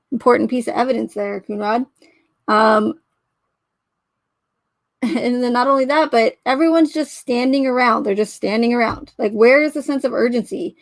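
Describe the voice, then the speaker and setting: A woman's voice: a little high, no echo. Skeptical woman with a dry close sound. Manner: skeptical, questioning, trails off and restarts. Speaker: true crime commentator. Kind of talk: casual spoken commentary.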